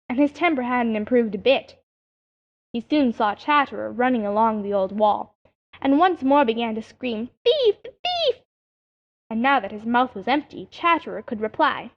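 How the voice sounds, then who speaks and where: A woman narrating a children's animal story as an audiobook reader, in an expressive storytelling manner. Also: a little high. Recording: dull lo-fi audiobook recording.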